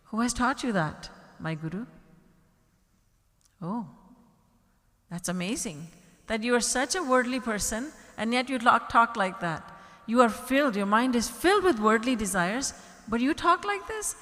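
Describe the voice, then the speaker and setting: A woman's voice: a little high, lively intonation, moderate pace, fairly bright tone. A woman spiritual teacher giving an earnest devotional discourse, full of rhetorical questions. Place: large retreat hall. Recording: long reverb from a large hall.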